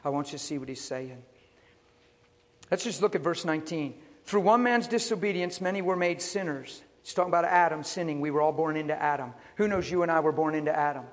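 Animated male pastor preaching in a hall. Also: on the high side, fast. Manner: animated storytelling with rhetorical questions. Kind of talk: sermon. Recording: long reverb of a large hall.

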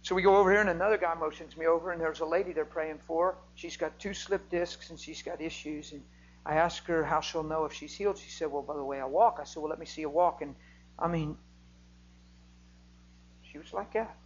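A man preaching a sermon, telling a healing story and rising to near-shouting when he gets excited. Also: on the high side, brisk, highs cut off, slight background noise.

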